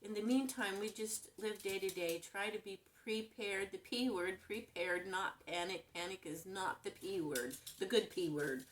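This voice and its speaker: A woman's voice: mid-range voice, normal speed, few pauses, a little hiss or hum. Older woman talking earnestly to camera. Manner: earnest, rambling, gently emotional. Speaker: vlogger. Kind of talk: casual heartfelt talk to camera. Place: at home. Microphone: camera mic.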